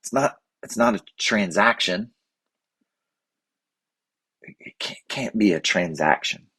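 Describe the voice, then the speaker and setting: A man hosting his own podcast, talking through his thoughts off-script in an earnest, halting way with many restarts. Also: fairly low pitch, animated, pushed and bright, slightly rough, no room sound. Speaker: podcast host. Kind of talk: unscripted reflective monologue.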